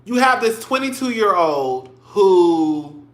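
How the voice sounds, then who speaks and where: A man's voice: high voice, sing-song, slow pace, echoey room. A man in his thirties hosting casual livestream commentary, chatty and emotional, calling his listeners "girl" and "y'all". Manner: emotional, tearing up on stream.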